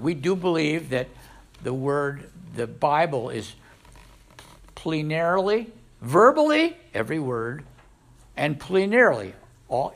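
Animated gravelly male preacher. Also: fairly high pitch. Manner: animated preaching, with sudden loud rises and soft drops. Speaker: pastor, missionary preacher. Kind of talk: sermon.

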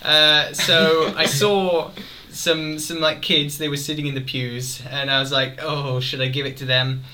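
A man's voice: fairly high pitch, flat delivery, measured pace, pushed and bright, a little hiss or hum. A man voicing an illiterate disgraced monk prisoner, rambling cheerfully through his confession.

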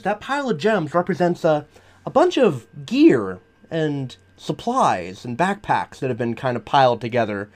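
Animated man running a tabletop game. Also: medium pitch. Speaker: game master.

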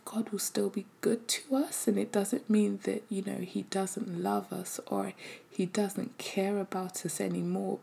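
A woman sharing a personal faith testimony, speaking softly and hesitantly, often slipping into a breathy half-whisper. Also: medium pitch. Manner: hesitant, with many fillers.

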